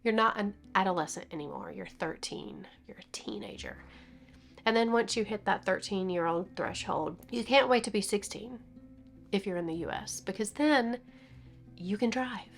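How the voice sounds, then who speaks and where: A woman's voice: medium pitch, normal speed, creaky, soft background music. Tearful woman in her fifties, half whispering. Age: 50s. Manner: tearful, laughing and crying at once, breaking into whispers. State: teary and sniffling. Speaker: vlogger. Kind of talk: emotional personal vlog.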